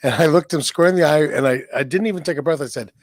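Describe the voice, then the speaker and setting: A man's voice: a little high, slight background noise. A Canadian man co-hosting a casual comedy chat show, telling rambling stories that halt on fillers. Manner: rambling storyteller, halting with fillers. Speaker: podcast co-host.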